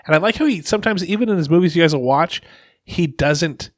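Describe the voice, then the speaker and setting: A man co-hosting a podcast, chatting casually and asking quick questions. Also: on the high side, expressive, no echo, studio quality. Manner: chatty, asks short questions. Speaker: podcast co-host. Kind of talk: casual chat.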